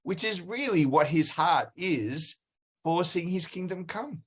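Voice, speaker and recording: A man hosts a casual podcast interview, his voice sitting high and swinging widely in pitch. He tells stories in an animated way and acts out the dialogue in them. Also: a little slow, slightly rough. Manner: animated storytelling, quotes dialogue. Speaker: podcast host.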